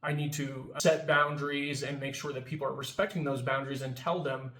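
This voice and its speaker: A man's voice: medium pitch, little pitch movement, fairly quick, fairly bright tone, echoey room, a little hiss or hum, rough recording. A man in recovery talking casually to viewers about anger, often checking in with "right?" and swearing now and then. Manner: conversational, frequent "right?" tags, swears casually. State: in recovery from addiction. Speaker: recovery video host. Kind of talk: casual talking-to-camera reflection.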